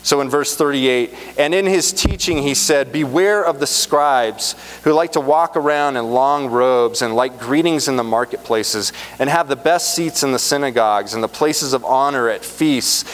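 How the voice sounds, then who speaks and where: A man's voice: mid-range voice, normal speed, few pauses. A man preaching a sermon in an earnest, emphatic way, repeating phrases for stress. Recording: reverberant hall, faint hum.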